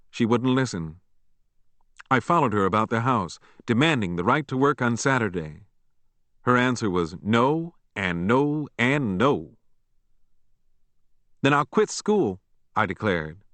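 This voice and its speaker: Man, audiobook narrator, measured and even, mid-pitched, dry close mic. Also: dry recording. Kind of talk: scripted memoir narration.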